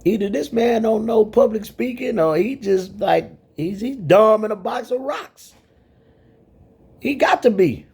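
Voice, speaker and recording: A man delivers a heated, profane rant, circling back and repeating his points. His voice sits high for a man. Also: a little slow, a little mellow, breathy edge. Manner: rambling and repetitive, profane, heated. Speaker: commentator. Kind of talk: ranting commentary.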